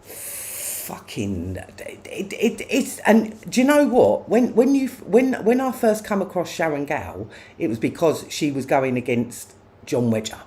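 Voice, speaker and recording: A livestreamer in an angry, profane rant, firing off confrontational questions. The voice sits mid-pitch and leaps wildly up and down as the anger flares. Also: very animated, unhurried, a little mellow. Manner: profane, confrontational, repeats "yeah?".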